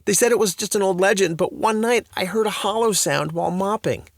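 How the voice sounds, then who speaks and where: A man's voice: on the high side, very animated, normal speed, a bit bright, no echo, clean studio sound, voice pushed up, exaggerated voice. A man voicing a nervous elderly male school janitor who stammers as he blurts out a confession, in a storybook reading. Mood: anxious.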